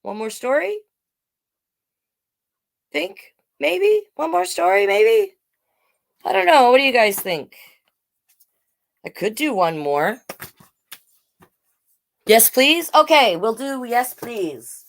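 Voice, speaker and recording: A woman reading picture books aloud to children, with chatty, animated asides to the viewers. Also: a little high, slow pace, gravelly, long pauses. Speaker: storytime reader.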